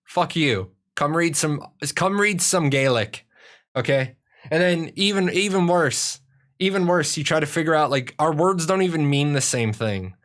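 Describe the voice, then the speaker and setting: A man's voice: a little high, lively intonation, moderate pace, fairly bright tone. A man from Ireland hosting a casual live-stream Q&A, answering viewer questions in a profane, rambling way with many restarts.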